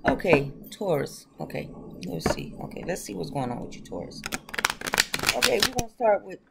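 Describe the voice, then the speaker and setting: This lowish, creaky female voice belongs to a tarot reader on her own channel, speaking at a moderate pace over heavy noise. Very animated, she gives a casual tarot reading vlog, chatting loosely, addressing viewers directly, and laughing often.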